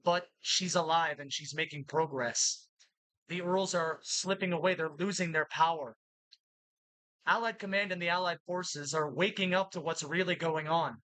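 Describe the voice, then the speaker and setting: A woman ranting in a monologue to camera, agitated, with halting restarts that give way to shouted insults. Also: lowish voice, steady tone, dry recording, poor audio. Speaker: vlogger.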